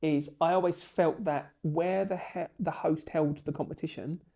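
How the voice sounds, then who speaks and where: A man in a podcast interview, telling his story with lively, emotional energy. His voice sits a bit high for a man and has a gravelly fry running through it. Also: moderate pace. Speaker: podcast guest, bricklaying tutor.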